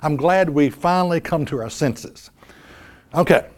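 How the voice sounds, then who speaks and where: A man's voice: fairly high pitch, unhurried. A man preaching a sermon, emphatic, repeating key lines and asking the audience rhetorical questions.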